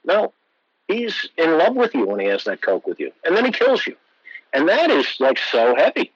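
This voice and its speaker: A man in his sixties recalls his career as an interview guest, slipping into the voices of the people he quotes. His pitch swings widely as he tells a story, sitting a little high for a man. The sound is dry and somewhat dull. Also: normal speed, breathy edge, no echo. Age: 60s. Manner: animated anecdotes, acts out quoted voices. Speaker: actor guest.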